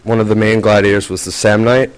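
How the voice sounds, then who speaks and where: A man's voice: fairly low pitch, little pitch movement, quick pace, clean tone. A man presenting to a class, hesitant and full of fillers. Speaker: student presenter.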